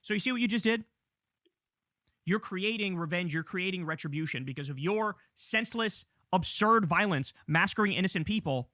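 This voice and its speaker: A man's voice: sits high, animated, normal speed, sharp tone, dry recording, clean studio sound. A man hosting a live political news stream, ranting heatedly and swearing as he reads headlines. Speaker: political show host.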